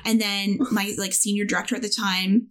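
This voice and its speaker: Young woman podcast cohost, chatty storyteller, does little voices for people, mid pitch. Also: fairly quick. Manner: animated storyteller, acts out quoted voices. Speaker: podcast co-host. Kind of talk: casual chat.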